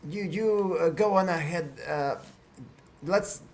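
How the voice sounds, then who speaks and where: A man's voice: high-pitched, slow. A man voicing a hesitant young woman adventurer who stammers and trails off. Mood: nervous.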